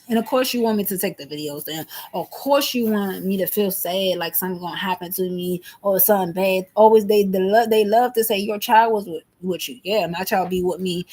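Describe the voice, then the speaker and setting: A woman's voice: mid-range voice, a little mellow. A woman in her thirties venting to camera in an emphatic, repetitive, agitated monologue. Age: 30s. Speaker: vlogger.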